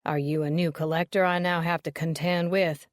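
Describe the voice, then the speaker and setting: A woman voicing a portly, pompous older man with a loud, brassy Southern drawl. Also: level tone, normal speed, no echo, studio quality, natural voice. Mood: boastful. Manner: booming, showy and ingratiating.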